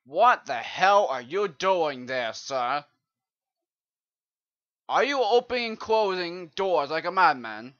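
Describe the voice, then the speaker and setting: Man doing a pompous British-sounding busybody, loud and shouty, with a bright edge. Dull, lo-fi recording. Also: fairly high pitch, very animated, takes it slowly, long pauses, voice pushed up, exaggerated voice. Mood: scolding. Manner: loud, shouty, exaggerated scolding. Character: fussy British-sounding man scolding villagers. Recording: dull lo-fi mic.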